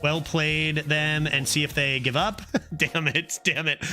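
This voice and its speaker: A man's voice: a little high, slow pace, soft background music. A man streaming a card game, commenting casually, often mocking himself and pleading with the game. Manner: animated, self-mocking, exclaims and pleads at the game.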